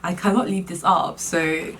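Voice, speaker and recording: Animated woman telling a dating story. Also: fairly low pitch, unhurried, recorded from a distance, slight background noise. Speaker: vlogger. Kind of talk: casual storytime chat.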